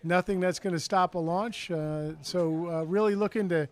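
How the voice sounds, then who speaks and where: A man co-hosting a live event broadcast, talking haltingly with many fillers and restarts, a little short on sleep. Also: high voice, fairly even intonation. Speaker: co-host, launch official.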